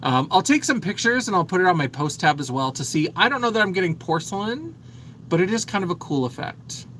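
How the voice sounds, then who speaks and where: A man's voice: high-pitched, big pitch swings, a little fast, fairly bright tone, a little hiss or hum, low-quality recording. A man in his thirties hosting a casual makeup livestream, chatting and reading viewer comments aloud. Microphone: phone.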